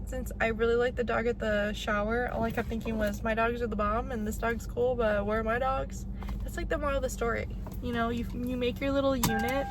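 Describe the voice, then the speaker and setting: Chatty young woman vlogger, slightly high voice. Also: background noise. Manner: chatty, filler-heavy, candid and sentimental. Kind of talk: casual vlog talk to camera.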